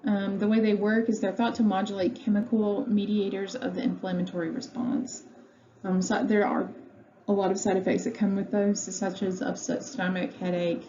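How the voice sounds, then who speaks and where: Recording a pharmacy lecture at home, a woman talks in a warm, medium-pitched voice with a flat delivery at normal speed. She keeps it conversational, with many ums and uhs, over dull lo-fi audio carrying faint noise.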